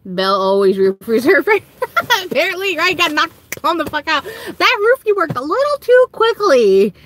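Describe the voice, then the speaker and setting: Giggly Southern woman, lively high voice. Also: moderate pace, a little hiss or hum. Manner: loud giggly, swings into high squealing quotes. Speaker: livestream host. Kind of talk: casual livestream chat.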